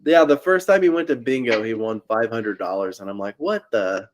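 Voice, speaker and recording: Slight background noise sits under a fairly low, animated male voice at a moderate pace. He's an Indiana podcast co-host recounting a story in casual talk, impersonating its characters and laughing often along the way.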